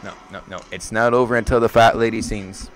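A man hosting a casual live stream, commenting on a game as it unfolds. He is excitable, swears freely, stumbles over his words and chants players' names over and over. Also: on the low side, a little fast.

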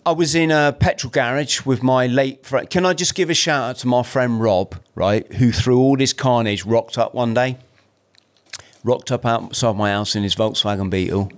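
A man in his fifties from South-East London with an English accent, a podcast guest telling his story in a rambling, animated way with lots of restarts and swearing. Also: medium pitch, moderate pace. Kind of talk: casual storytelling.

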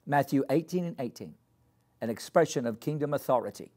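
A male pastor preaching a sermon, deliberately repeating key phrases for emphasis and leading the congregation to repeat after him. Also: mid-range voice, animated, darkish tone. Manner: leads the congregation in call-and-response.

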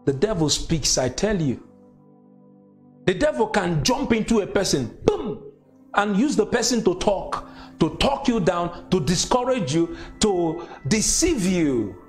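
A man's voice: high-pitched, very animated, unhurried, soft background music. A man whose first language is not English preaches a sermon, repeating phrases with emphatic, consoling delivery.

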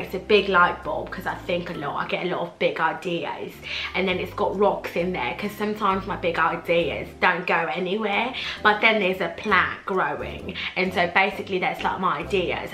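A woman's voice: mid-range voice, bright, forceful tone. A woman in her twenties talking casually to her viewers, chatty and playful, repeating phrases for emphasis. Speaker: YouTuber. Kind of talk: casual vlog haul chat. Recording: roomy with faint background music.

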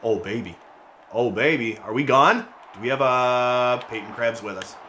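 A man giving casual commentary as he plays a hockey video game, excitable and mocking his teammates, with frequent shouts and laughs. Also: medium pitch, normal speed, a little hiss or hum. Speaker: gaming YouTuber.

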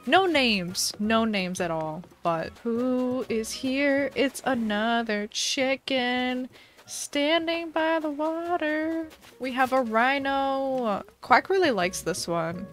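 A young woman streamer giving chatty, excitable commentary while playing a game, swinging between dramatic despair and delight. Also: a little high, takes it slowly, soft background music.

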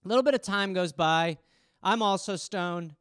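Animated, profane man telling stories. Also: sits high, moderate pace, clear, resonant tone, dry recording, studio quality. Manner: profane, animated, acts out quoted voices. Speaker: podcast host. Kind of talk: casual storytelling monologue.

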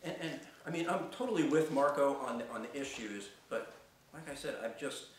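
Middle-aged guy telling a story onstage, lots of restarts, faint hum behind, sounds far from the mic. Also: medium pitch. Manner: halting, many restarts and filler words. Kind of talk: personal storytelling on stage. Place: theater stage. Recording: echoey theater from far off.

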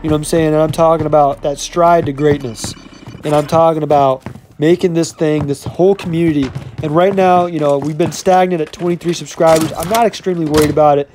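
Young male gaming creator, fairly high voice, upbeat hype commentary over gameplay, full of casual catchphrases. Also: fairly even intonation, fairly quick, a little mellow, slight background noise. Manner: upbeat hype talk, keeps saying "you know what I'm saying". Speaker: gaming YouTuber.

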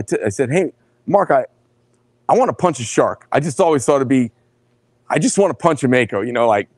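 A middle-aged man hosting a live knife sales show, telling rambling, animated stories between showing each knife. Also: on the high side, no echo. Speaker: host presenting knives.

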